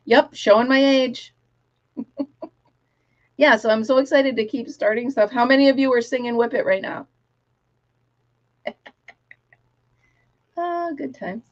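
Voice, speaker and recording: A woman's voice: on the high side, slow pace, pauses often, dull audio. A middle-aged woman hosting a casual craft livestream, chatty, laughing often and breaking into bits of song. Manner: chatty, laughs often, sings snatches of songs.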